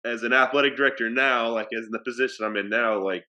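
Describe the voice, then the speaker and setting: A man's voice: medium pitch, fairly even intonation, quick pace, sharp tone. A man working as an athletic director, telling a story casually with many fillers and restarts.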